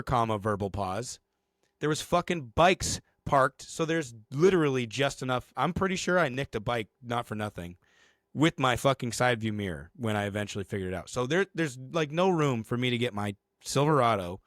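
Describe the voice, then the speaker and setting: A man co-hosting a podcast, telling a story in casual, profane, animated fashion. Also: medium pitch, dry recording. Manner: animated, profane storytelling with shouted acted quotes. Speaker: podcast co-host.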